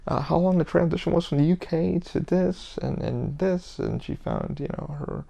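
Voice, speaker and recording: Guy doing a solo podcast, gravelly voice, swears a lot, rambles and does his buddies' lines. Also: fairly high pitch, dark tone. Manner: rambling, profane, quick to act out quoted friends. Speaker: podcast host. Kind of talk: casual solo podcast monologue.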